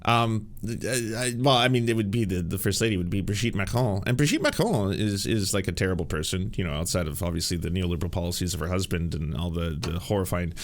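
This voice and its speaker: A man's voice: sits low, expressive, fast talker, few pauses. A man hosting a podcast, giving sarcastic, rambling political commentary with frequent swearing. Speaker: podcast host.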